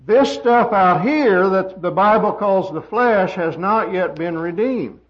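A man preaching a sermon, swinging from loud emphatic peaks down to quiet asides. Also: expressive, slow. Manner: emphatic, rising to loud high peaks then dropping quiet. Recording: dull lo-fi sermon recording.

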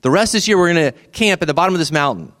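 A man's voice: on the high side, expressive, very fast, a bit bright. A middle-aged man, preaching a sermon in a conversational way and asking the listeners questions. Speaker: pastor.

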